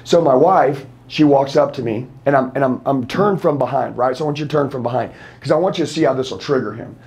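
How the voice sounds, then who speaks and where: A man's voice: medium pitch, quick pace, darkish tone. A man in his thirties, a sales trainer, giving a blunt, profane, confrontational motivational talk to a room full of people. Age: 30s. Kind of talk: fired-up motivational seminar talk.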